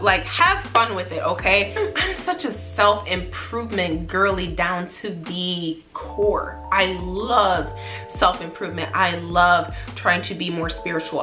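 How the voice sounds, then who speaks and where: A woman's voice: fairly low pitch, bright, forceful tone. A woman vlogger speaking to her viewers in an earnest, emphatic motivational talk, repeating phrases for emphasis. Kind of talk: heartfelt motivational talk to camera.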